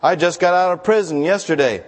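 A man's voice: high-pitched, a little fast, voice pushed up, natural voice. A man voicing a scruffy young ex-convict who answers bluntly and matter-of-factly. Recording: long hall reverb.

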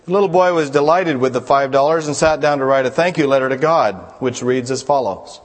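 A man's voice: medium pitch, brisk, few pauses. A man preaching a sermon as a pastor, telling jokes to the congregation in a folksy storytelling manner. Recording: long hall reverb.

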